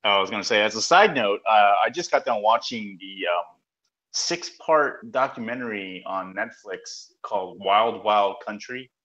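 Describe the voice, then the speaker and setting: A man's voice: lowish voice, unhurried, pushed and bright. A middle-aged man from Southern Oregon chatting in a rambling, hesitant way on a group talk show. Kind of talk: casual discussion. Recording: dull lo-fi sound.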